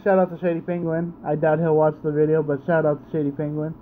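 A man's voice: on the high side, steady tone, moderate pace, phone-quality sound, slight background noise. A man giving casual gameplay commentary, sleepy and yawning, groaning in frustration at misses and repeating himself. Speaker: let's play gamer. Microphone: home recording setup.

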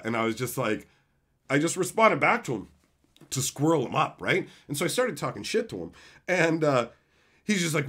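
A man's voice: mid-range voice, moderate pace, slightly rough. A man who runs a YouTube channel, telling a long profane story in a casual rant and acting out the insults he once typed. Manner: profane, animated, acts out quoted insults.

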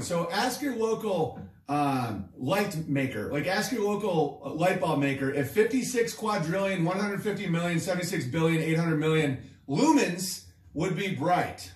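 A man's voice: fairly high pitch, roomy sound, distant mic. A man hosting a comedy show, riffing in a sarcastic, crude, rambling way. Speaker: comedian host.

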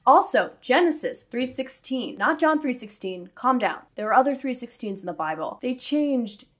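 A woman's voice: on the high side, lively intonation, moderate pace. A woman with a slightly raised voice talks to camera about her subject. She is sassy and self-aware, and she keeps throwing in jokey asides. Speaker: video essayist. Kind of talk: casual commentary to camera.

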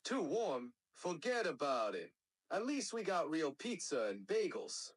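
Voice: mid-range voice, big pitch swings, a little slow, slightly rough, voice pushed up. An AI voice playing a boastful New Yorker with a New York accent, bragging about pizza.

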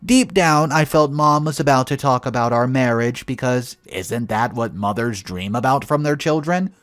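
A man reading a first-person story aloud with lively, dramatic storytelling. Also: medium pitch, normal speed, no echo, clean studio sound, soft background music. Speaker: story narrator.

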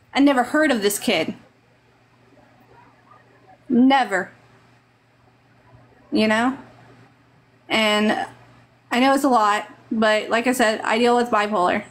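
A woman's voice: a little high, a bit bright. A woman from Texas with a Texan accent, giving rambling, earnest, motherly advice on a live stream over a phone mic.

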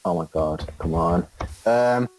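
A man's voice: low voice, takes it slowly, darkish tone, faint music behind. A man chatting casually while playing an online drawing game, drawling and self-deprecating, laughing along. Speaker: co-host of gaming channel. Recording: faint background noise.

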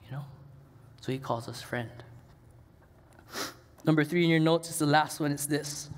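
A man's voice: a little high, moderate pace, big-room sound. A middle-aged man preaching a sermon in a conversational, storytelling way with casual asides. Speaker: pastor. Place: church sanctuary.

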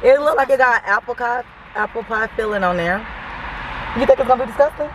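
A woman's voice: on the high side, brisk. Playful woman chatting in a car, kinda far from the mic, car and street noise behind. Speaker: vlog host. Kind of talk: casual food review chat. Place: inside a car, outdoors nearby.

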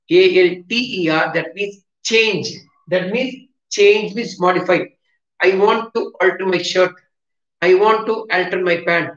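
Spelling vocabulary letter by letter and going over it again, a man with a South Indian English accent teaches in a classroom with a board. His voice sits high and a bit bright, heard through a dull, distant, roomy recording.

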